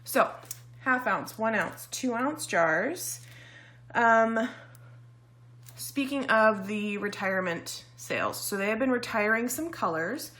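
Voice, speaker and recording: A woman's voice: on the high side, lively intonation, takes it slowly, fairly bright tone. A woman vlogger casually demonstrating beauty products, chatty and explanatory with frequent ums, sounding slightly out of breath.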